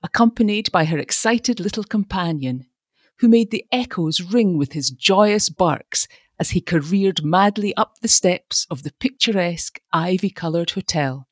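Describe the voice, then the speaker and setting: A woman's voice: fairly low pitch, expressive, normal speed, no room sound, studio quality. A woman narrating an audiobook, reading expressively.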